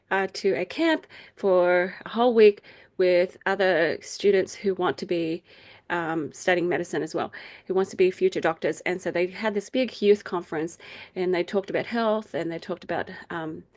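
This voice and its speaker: A middle-aged woman teaches her group over a video call in a loose, conversational way. She laughs easily and lifts her voice when she acts out quoted people. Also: darkish tone. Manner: chatty, laughs often, acts out quoted voices in a higher pitch. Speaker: faith group meeting leader. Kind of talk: casual teaching talk.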